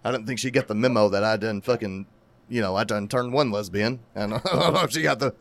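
A man telling a crude, animated story in casual profane podcast chat, laughing at his own tale. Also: fairly low pitch, quick pace, vocal fry.

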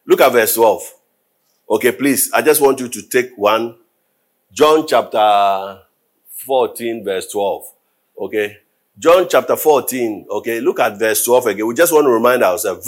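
Husky-voiced man preaching with rising fervor. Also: mid-range voice, sing-song, moderate pace. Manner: call-and-response preaching, repeats questions, rises to loud scripture reading. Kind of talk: sermon.

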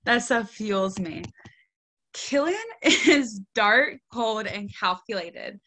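A woman co-hosting a podcast, reviewing a book in animated casual chat and swearing freely. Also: mid-range voice, slow pace. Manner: animated, swears freely, quotes lines in a dry deadpan.

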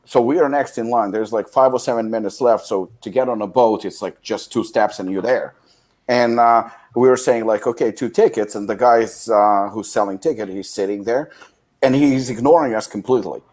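Animated, swearing man telling a story. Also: fairly low pitch, moderate pace. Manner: animated storyteller, swears a lot, acts out quotes loudly. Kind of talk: casual chat.

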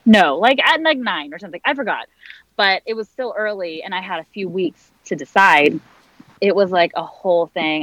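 A woman's voice: fairly low pitch, a bit bright, no echo. Candid woman in her twenties, lo-fi. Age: 20s. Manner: candid, filler-heavy, reenacts dialogue. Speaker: guest. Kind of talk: personal storytelling in conversation.

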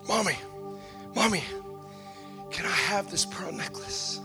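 A preacher acting out a small five-year-old girl, her voice pushed high and eager as she stammers and begs. Soft music plays faintly behind. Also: slow. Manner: stammering, begging.

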